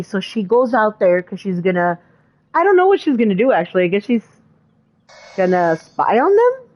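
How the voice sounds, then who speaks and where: A woman's voice: medium pitch, a little mellow, dull audio. A woman co-hosting a podcast, chatting casually and retelling movie scenes with exclamations and fillers. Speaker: podcast co-host. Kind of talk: casual chat.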